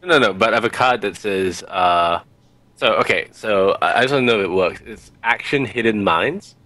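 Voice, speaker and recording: Man with a low, bright voice. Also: moderate pace. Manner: brief, hesitant replies. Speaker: player learning the game. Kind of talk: casual play.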